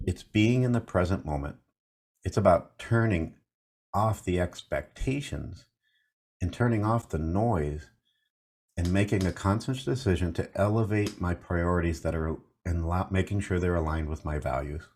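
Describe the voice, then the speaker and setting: A man's voice: low voice, moderate pace, darkish tone. A man in his fifties, a mindfulness coach, giving an earnest reflective talk full of rhetorical questions and repeated key phrases. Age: 50s.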